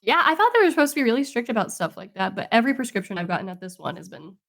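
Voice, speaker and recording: A woman's voice: fairly high pitch, big pitch swings, rapid-fire, vocal fry, a bit bright. A woman co-hosting a casual podcast, chatting and laughing easily. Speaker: podcast co-host. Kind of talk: casual chat.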